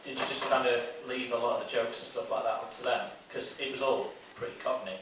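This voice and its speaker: A man in the audience asks a casual, halting question. He is heard from far off in a very echoey hall, with a faint hiss behind him. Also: medium pitch, fairly even intonation. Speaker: audience member.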